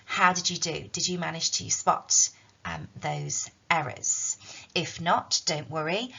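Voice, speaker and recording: A woman's voice: low voice, steady tone, slow pace, gravelly, sharp tone, slightly rough. A woman teaching a recorded language lesson, explaining patiently with frequent ums. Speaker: Spanish teacher. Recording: dull lo-fi recording.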